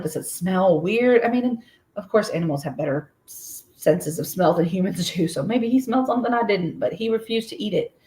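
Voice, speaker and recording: An American woman hosts her own crochet livestream, chatting casually in a mid-range, slightly mellow voice. She rambles through a story full of fillers, breaking off to welcome viewers by name.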